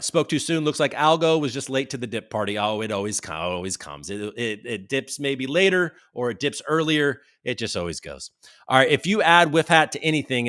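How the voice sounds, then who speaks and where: A man hosting a casual livestream at a middle pitch. He chats loosely and reads viewer comments aloud as they come in, throwing in the occasional swear, all spoken into a desk microphone. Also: fairly bright tone. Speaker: livestream host.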